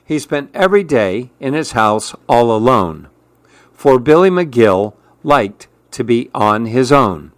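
Male narrator for a rhyming picture book, measured and rhythmic, taking his time; dry, close recording. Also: mid-range voice, very animated, dry recording.

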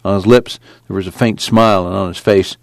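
Man, audiobook narrator, calm, even, low voice, dry sound. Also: fairly quick, gravelly, no echo. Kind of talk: scripted narration.

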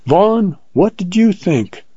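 A spirited young woman, put on by a male narrator, speaks with pride and lift in her voice. Her tone stays mellow and warm rather than bright. The reading has a slightly dull, lo-fi sound. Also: expressive, slow pace, slightly rough, no room sound, heavily acted. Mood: defiant. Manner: raised, lilting pitch with a light tone. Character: proud, spirited young woman, a rancher's daughter.

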